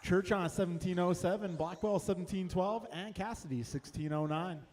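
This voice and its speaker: A man calling a hobby race over the track speakers, briskly reading off lap times, positions and gaps. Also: high-pitched, darkish tone, long reverb tail, slight background noise. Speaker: race announcer. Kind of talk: race commentary.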